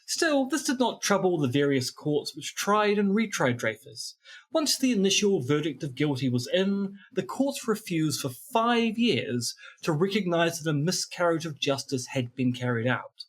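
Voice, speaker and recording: A man's voice: a little high, big pitch swings, normal speed. A man in his thirties with a New Zealand accent, co-hosting a casual podcast chat with playful, goofy asides. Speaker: podcast co-host.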